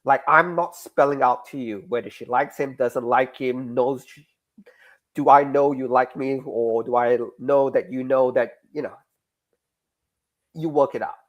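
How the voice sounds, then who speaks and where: A middle-aged Australian man, a guest creator in a casual interview, explaining his writing in an animated way and acting out lines of dialogue. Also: mid-range voice, measured pace, dull audio. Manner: animated, acts out dialogue examples.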